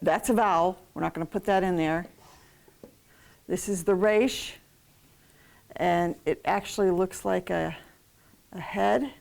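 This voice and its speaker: A woman co-teaching a class, earnest and a little halting as she explains word meanings at a board. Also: fairly low pitch, gravelly, a little mellow. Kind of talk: explaining at a whiteboard.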